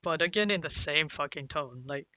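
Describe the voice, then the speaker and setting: A young man rambles through a confessional story, swearing freely and leaning on fillers. His voice is bright and forceful, sitting a little high for a man. It is recorded close and dry. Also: animated, moderate pace, dry recording, low-quality recording. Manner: rambling and profane, with many fillers like "like" and "you know". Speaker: vlogger.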